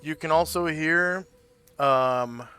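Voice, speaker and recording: Male tabletop game master, unhurried improvised narration, crisp and bright tone. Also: fairly high pitch, soft background music. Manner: unhurried, descriptive, loosely improvised.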